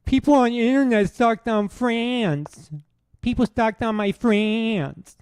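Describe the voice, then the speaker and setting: A man doing a whiny, high mocking comedian voice. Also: slow pace, a little mellow, smooth, no echo, exaggerated voice. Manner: whiny, childish.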